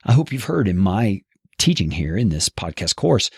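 Expressive male course instructor, husky and gravelly, close dry studio sound. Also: deep voice, normal speed, dry recording. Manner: expressive, animated delivery. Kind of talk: instructional podcast teaching. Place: home studio, seated at a table. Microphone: studio mic on boom arm, close.

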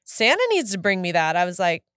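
A woman's voice: lowish voice, big pitch swings, brisk, a bit bright, smooth, no echo, clean studio sound. A woman in her thirties, co-hosting a casual chat show, who laughs often and acts out her kids' voices. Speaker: podcast co-host.

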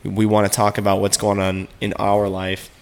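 A man hosting a casual chat, animated, who often acts out quoted small talk. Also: on the low side, normal speed, vocal fry, clear, resonant tone.

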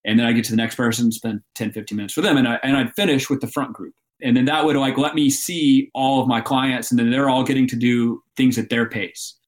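A man from Alabama, a mountain guide telling climbing stories in an interview, animated and laughing often. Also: medium pitch, fairly quick, few pauses. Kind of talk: storytelling interview.

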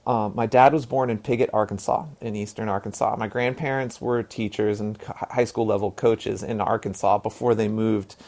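A man's voice: fairly low pitch, steady tone, normal speed, few pauses, a little mellow. Rambling man in his forties. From US South. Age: 40s. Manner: rambling, heavy on fillers and repeated "and", casual swearing. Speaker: interview guest. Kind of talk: casual conversational interview.

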